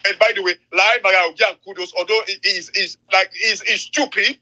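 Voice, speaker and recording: A man's voice: high voice, fairly even intonation, brisk, bright, forceful tone, lo-fi sound. A man with a Sierra Leonean accent in a heated political chat over a phone voice message, talking emphatically and repeating himself. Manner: emphatic, repetitive. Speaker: commentator.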